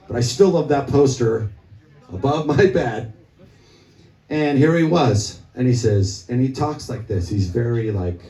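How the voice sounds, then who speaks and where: A man's voice: mid-range voice, warm tone, far from the mic. Man telling a profane stage story in an echoey club. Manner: profane, rambling anecdote told to the crowd. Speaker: musician on stage. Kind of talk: onstage storytelling at a live gig. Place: small music club, live concert.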